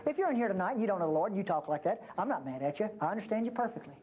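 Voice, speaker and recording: A woman's voice: rapid-fire, a little hiss or hum. An older woman preaching a sermon in a church, emphatic, folksy and teasing. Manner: emphatic, folksy and teasing, with lively pitch swings. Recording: dull lo-fi recording.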